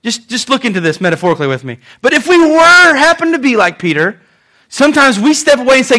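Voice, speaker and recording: Man preaching, a high voice for a man, animated and joking, acts out the quotes. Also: fast. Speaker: pastor. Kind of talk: sermon.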